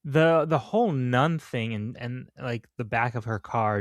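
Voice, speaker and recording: A man's voice: mid-range voice, normal speed, hardly any pauses, smooth, dry recording, clean studio sound. A man co-hosting a podcast, joking and eagerly recapping his favorite movie scenes. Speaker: podcast co-host. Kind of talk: casual film-review chat.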